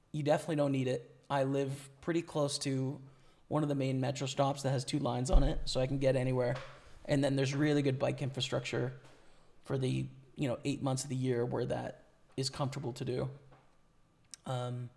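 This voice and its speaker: During a live stream, a young man chats casually with his chat and thinks aloud about poker hands. He is losing his voice, which sounds worn from talking; it's medium-pitched, a little mellow, with vocal fry.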